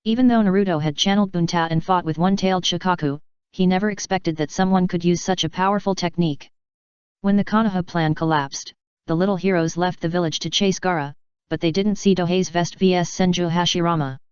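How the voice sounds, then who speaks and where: A woman reading a fan fiction novel aloud as an audiobook narrator, in an even, smooth scripted narration. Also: on the low side, a little fast, no room sound, lo-fi sound.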